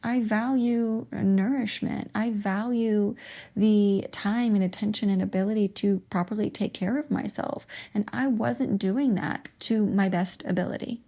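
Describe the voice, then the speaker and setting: Young woman, gravelly voice, halting emotional monologue. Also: mid-range voice, steady tone, warm tone. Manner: emotional, halting, with restarts and pauses. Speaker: podcast host sharing her testimony. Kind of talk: personal testimony monologue.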